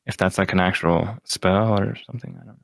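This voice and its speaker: A man with a lowish voice who muses about a tabletop campaign. He reasons slowly and tentatively, hedging and wondering aloud, and the sound is dry and close. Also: creaky, no room sound. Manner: thoughtful, tentative, often unsure. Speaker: tabletop game player.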